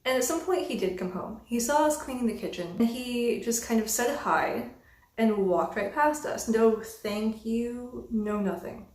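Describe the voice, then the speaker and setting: A young woman with a slightly high voice tells a casual storytime, exasperated and swearing freely as she vents. The room adds a noticeable echo around her voice. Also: lively intonation, moderate pace. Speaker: vlogger. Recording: roomy echo.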